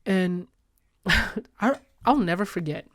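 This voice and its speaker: A man co-hosting a casual podcast, telling a story in a profane, animated way. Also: high voice, slow pace, dry recording, studio quality. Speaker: podcast co-host.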